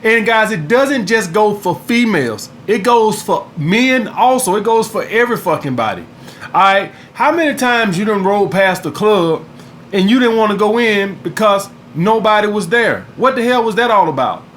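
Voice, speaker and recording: A man with a fairly high, bright, forceful voice holds forth in a loose vlog monologue. He is blunt and swears freely. A faint hiss sits behind him. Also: lively intonation, normal speed. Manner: blunt and profane, keeps addressing "guys". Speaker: dating advice channel host.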